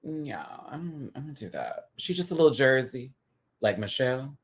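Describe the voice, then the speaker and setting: Man, live stream reviewer, sassy, chatty, laughing, drag slang, big pitch swings. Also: very animated, normal speed. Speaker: host reviewing a TV episode live.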